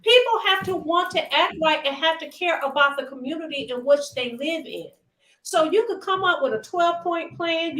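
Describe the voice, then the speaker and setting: A woman's voice: very high voice, fairly bright tone. A woman with a Detroit accent, co-hosting a radio talk show, arguing emphatically with rhetorical questions. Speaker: co-host. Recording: echoey room.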